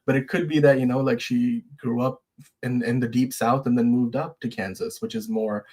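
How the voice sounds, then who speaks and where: An easygoing man hosts a casual live stream in a voice of ordinary pitch. He reads out viewer comments and answers them in a relaxed, agreeable way, with plenty of fillers. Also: moderate pace, husky. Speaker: show host.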